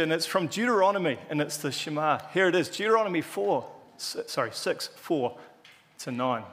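A man's voice: a little high, lively intonation, moderate pace, fairly bright tone. Sex: man. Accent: New Zealand. Style: casual joking sermon. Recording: long church-hall reverb. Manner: chatty, joking, self-deprecating. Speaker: preacher.

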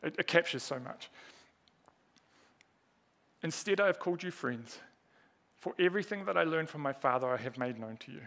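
A man's voice: a little high, normal speed, vocal fry, long pauses, fairly bright tone. A man preaching a sermon, earnest and emphatic, asking rhetorical questions and repeating key words.

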